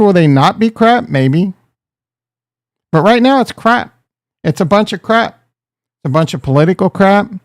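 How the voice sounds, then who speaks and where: A man's voice: high voice, no room sound, clean studio sound. A man hosting a casual livestream, joking and ranting, talking straight to his chat and calling viewers bro and dude. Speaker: crypto livestream host.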